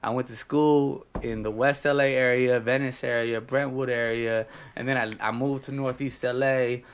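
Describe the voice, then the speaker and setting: A man's voice: mid-range voice, steady tone, moderate pace, clean tone, lo-fi sound. A young man from Los Angeles with a South Central twang, chatting casually and profanely on a podcast, full of fillers and restarts. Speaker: podcast co-host. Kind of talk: casual chat.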